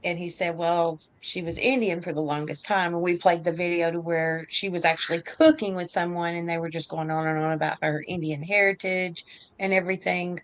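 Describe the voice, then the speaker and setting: A woman's voice: on the low side, fairly even intonation, a little fast, low-quality recording. A woman co-hosting a casual political chat, blunt and opinionated, drawing out her phrases. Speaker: podcast co-host.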